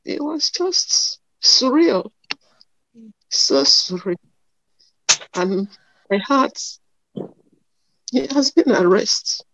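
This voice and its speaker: Tearful woman, very slow and halting, dull dry lo-fi recording. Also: high voice, lively intonation, fairly bright tone, no room sound. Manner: slow, halting, emotional, with many fillers. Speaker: testimony giver. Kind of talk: emotional personal testimony.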